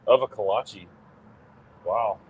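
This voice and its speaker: A man guesting in a casual chat, quick and agreeable in his replies. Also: on the low side, darkish tone, a little hiss or hum, poor audio.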